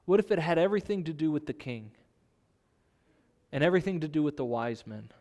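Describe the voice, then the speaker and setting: A man's voice: fairly high pitch, lively intonation, a little fast, warm tone, in a large hall. A man preaching a sermon in a conversational way, asking his listeners rhetorical questions. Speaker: pastor.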